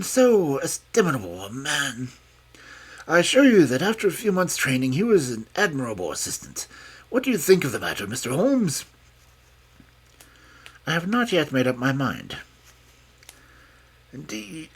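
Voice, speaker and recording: A man's voice: mid-range voice, slightly rough. A man playing a mincing, fussy old scholar. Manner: mincing, precise speech. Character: frail old male scholar, fussy chain-smoker.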